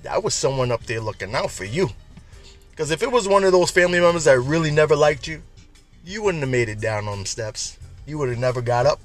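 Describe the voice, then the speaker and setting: A man's voice: a little high, expressive, fairly quick, soft background music. A man hosting a casual, uplifting message for his listeners, chatty and repetitive, often laughing at his own jokes. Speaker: podcast host.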